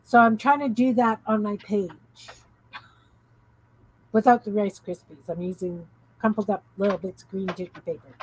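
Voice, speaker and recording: A woman's voice: medium pitch, fairly even intonation, moderate pace, darkish tone, a little hiss or hum, poor audio. A woman hosting a casual crafting live stream, tired, rambling and giggling as she chats with viewers.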